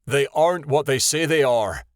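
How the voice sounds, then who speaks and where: Performing as a stern, protective young male wolf, a man speaks with urgency and seriousness. The voice is mid-range, lively in intonation and at normal speed, raised above his own pitch while staying close to an everyday voice; the recording is dry and studio quality.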